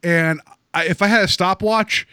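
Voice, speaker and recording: A man's voice: high voice, fairly even intonation, normal speed, bright, forceful tone, smooth, dry recording, clean studio sound. A man casually discussing a movie on a podcast, joking and rambling with lots of fillers. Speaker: podcast co-host.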